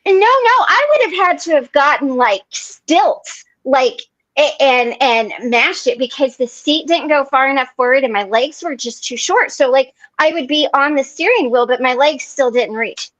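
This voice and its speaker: A woman's voice: sits high, expressive, normal speed, few pauses, a bit bright, dry recording. A woman hosting an online recovery meeting, telling stories casually and animatedly, laughing often. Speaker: meeting host. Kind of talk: casual online support group chat. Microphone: video call. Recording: muffled dry video call audio.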